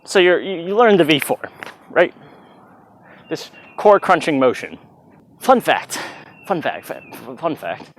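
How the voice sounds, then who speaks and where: A man's voice: on the high side, very animated, measured pace, pauses often, a little hiss or hum. Chatty man teaching dance moves. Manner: chatty, loose, vocalizes beats with "bah". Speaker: dance instructor. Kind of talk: casual dance tutorial. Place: outdoors in hot weather. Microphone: plugged-in mic, sometimes stepping away.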